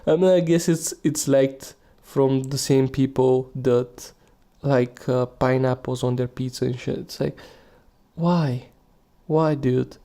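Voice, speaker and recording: A man's voice: mid-range voice, fairly even intonation, slow pace, dark tone. A young man hosting a solo podcast, rambling casually with lots of swearing, restarts and laughing at himself. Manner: profane, meandering, laughs at himself. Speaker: podcast host.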